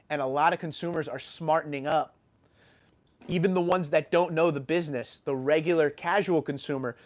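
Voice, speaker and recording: An opinionated man from New York rants on his livestream and answers viewer comments in a lively, animated way. His voice sits a bit high for a man, and a lingering sore throat roughens it. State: sore throat, just recovered from illness. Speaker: YouTube channel host.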